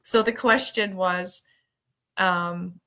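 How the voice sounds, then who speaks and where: With a bright, forward voice that is fairly low, clear and resonant, a woman runs a relaxed trivia livestream. She talks easily with viewers, laughs frequently and reads the options slowly.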